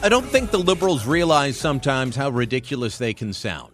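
A man's voice: medium pitch, expressive, a little fast, a bit bright, faint music behind. A Canadian man hosting a talk radio show, delivering opinionated commentary with emphatic, sarcastic energy.

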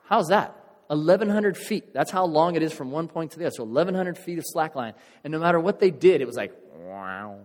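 A man's voice: on the high side, fast talker. Man preaching in a reverberant hall. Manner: conversational, animated storytelling with acted-out crowd voices. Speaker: pastor. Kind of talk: sermon with storytelling. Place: church.

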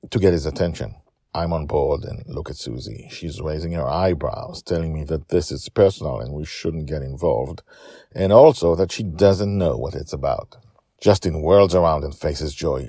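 A man's voice: a bass voice, moderate pace, mellow, dry recording, clean studio sound. A man hosting a story podcast, narrating steadily with casual asides.

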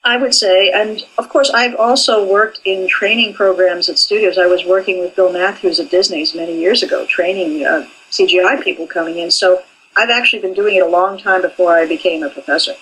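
A woman's voice: on the low side, fairly even intonation, brisk, fairly bright tone, husky, low-quality recording. An older woman, an animation professor, speaking candidly in an interview about her training. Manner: candid and forthright.

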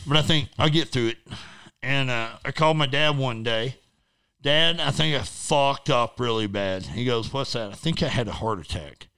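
A middle-aged man with a forceful, bright voice that comes through clean and resonant. He talks bluntly and swears freely. His story rambles along with plenty of fillers. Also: medium pitch, moderate pace, clear, resonant tone. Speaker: interview guest. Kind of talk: casual storytelling.

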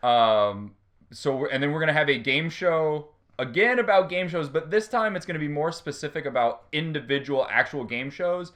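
This man, also co-hosting a podcast, speaks at a moderate pace in a voice on the high side. Chatting casually, he tells stories with animation and performs the quotes of the people in them.

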